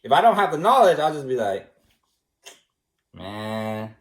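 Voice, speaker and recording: A man in a casual rambling monologue who shrugs things off in soft, dismissive replies. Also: a little high, big pitch swings, fast. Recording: roomy echo.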